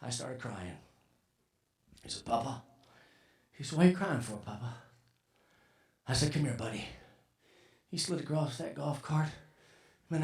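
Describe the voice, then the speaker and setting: An older man preaching a sermon, moving between shouting and hushed, tearful passages. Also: fairly high pitch, measured pace, creaky, long pauses. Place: large civic center banquet hall. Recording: echoey hall from far off.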